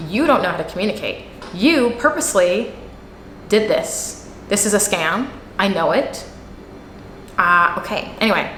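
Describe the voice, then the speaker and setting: A woman vlogger telling a story in a sarcastic, animated way, acting out the people in it. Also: on the low side, roomy sound, a little hiss or hum. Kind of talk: casual storytelling vlog.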